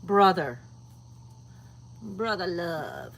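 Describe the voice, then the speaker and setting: Casting note: low-voiced woman, chatty livestreamer talking to her chickens outdoors at night, faint crickets behind. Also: huge pitch swings, drawn-out words, a bit bright, a little hiss or hum. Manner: chatty, coos at her birds, drops to a whisper at times. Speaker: vlogger feeding backyard chickens on a livestream. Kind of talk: casual livestream chat. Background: crickets and insects at night.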